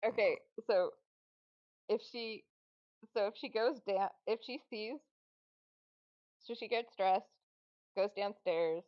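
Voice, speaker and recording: A woman playing in a tabletop game, easygoing and quick to laugh, over a call. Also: mid-range voice, highs cut off. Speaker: player. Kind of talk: casual tabletop game play.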